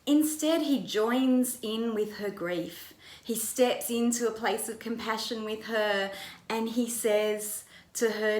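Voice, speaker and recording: A woman's voice: fairly high pitch, takes it slowly, roomy sound. A woman pastor retelling a Bible story in a conversational way, with vivid narration. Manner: vivid retelling, acts out quoted lines.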